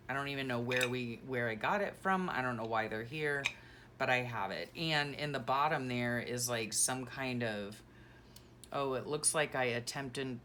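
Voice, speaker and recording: A woman's voice: extremely low pitch, bright, forceful tone, a little hiss or hum. A middle-aged woman vlogging casually while packing, sentimental and gushing, rambling with self-correcting asides.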